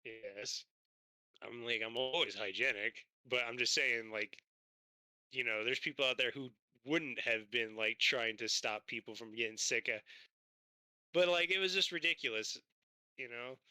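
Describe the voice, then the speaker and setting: A man telling a story in casual chat on a livestream, animated and swearing, acting out both sides of a conversation. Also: medium pitch, measured pace, clear, resonant tone, no echo.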